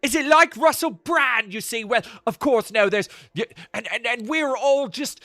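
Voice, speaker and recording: A man's voice: very high-pitched, pushed and bright, no echo, voice pushed up, exaggerated voice. Man doing an airy Essex celebrity mystic. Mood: grandiose. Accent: Essex, England. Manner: drawn-out, theatrical musings. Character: rambling male celebrity mystic, grandiose and airy.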